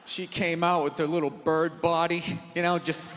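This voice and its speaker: A man doing a stand-up routine in a large theater, ranting and swearing with loud exasperated bursts. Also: a little high, level tone, normal speed, a little hiss or hum. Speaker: stand-up comedian. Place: large theater stage with live audience. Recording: live theater recording with hall reverb and crowd.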